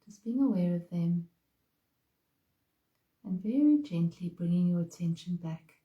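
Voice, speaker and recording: A woman leads a guided meditation, speaking slowly and softly with a calm, unhurried manner. Her voice is very mellow and warm, a little low. The recording has a roomy echo. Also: dull audio. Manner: slow, soft, calm guidance. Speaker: meditation teacher.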